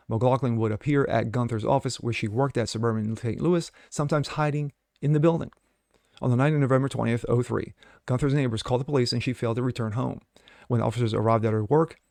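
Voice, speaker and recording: A man's voice: mid-range voice, fairly even intonation, fast talker, gravelly, darkish tone, dry recording, studio quality. A man hosting his own show, reading news stories and giving blunt, sarcastic commentary with frequent fillers. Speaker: host.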